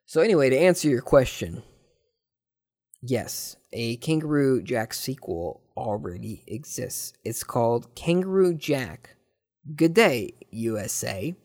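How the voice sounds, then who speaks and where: With a mid-range voice and an unhurried pace, a Southern California man hosts a podcast. He chats casually through listener questions, rambling and joking, with sudden bursts of excitement.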